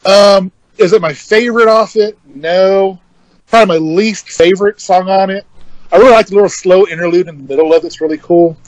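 A man's voice: sits high, steady tone, brisk, no echo, low-quality recording. A man chatting casually as a podcast co-host, easygoing and a bit hesitant. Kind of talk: casual chat about metal albums.

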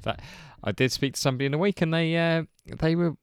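A man co-hosting a podcast in casual chat, chatty and quick to laugh. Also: on the high side, clean tone, no room sound, clean studio sound. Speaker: podcast co-host.

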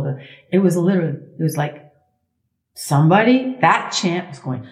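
A middle-aged woman, a sound healer speaking as a guest in a conversational interview, expressive and emphatic, leaning on slow repetitions. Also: low voice, reverberant. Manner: expressive, acts out inner thoughts in quoted voices.

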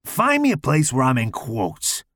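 A man voicing a menacing, deformed hulking male killer with a rough gravelly growl, taunting and foul-mouthed in a slow drawl. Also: mid-range voice, wildly swooping pitch, a bit bright, no room sound, studio quality, heavily acted.

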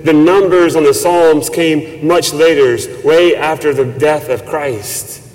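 A man preaching a sermon as a priest, slow and measured with reverent emphasis. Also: fairly high pitch, a little mellow. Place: church. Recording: long church reverb.

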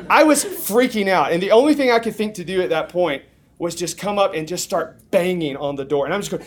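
A young man preaching, telling a funny story with big swings from hushed lines to shouted ones. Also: high-pitched, expressive, brisk. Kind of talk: storytelling sermon.

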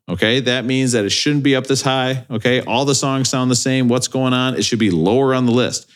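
A man's voice: mid-range voice, a little fast, few pauses, clean tone. A man hosting a casual podcast, joking and playing with words as he talks. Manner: animated, jokey, playful wordplay. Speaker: podcast host.

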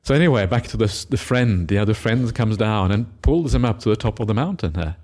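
Gravelly low-voiced monk telling a story. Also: male voice, lively intonation, brisk, a little mellow. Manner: storytelling with many uh fillers and acted quotes. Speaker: Buddhist monk teacher. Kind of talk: dharma talk.

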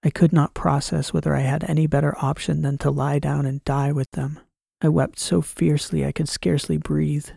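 A man reads a science fiction audiobook in the first person, measured and dramatic. His voice is gravelly and somewhat high for a man, and the sound is dry and close with no room echo. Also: flat delivery, mellow. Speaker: audiobook narrator. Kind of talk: scripted first-person narration.

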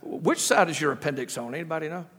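A man's voice: a little high, lively intonation, quick pace, a bit bright, husky. A middle-aged man preaching a sermon as a guest preacher, telling humorous stories and repeating phrases with rhetorical questions. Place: church sanctuary. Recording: echoey church hall with long reverb.

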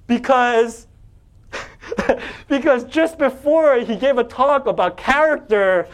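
Young pastor, male, high voice, lively storytelling sermon that climbs when he gets heated. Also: slow. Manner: animated, self-deprecating, often rising in pitch and volume when retelling anger.

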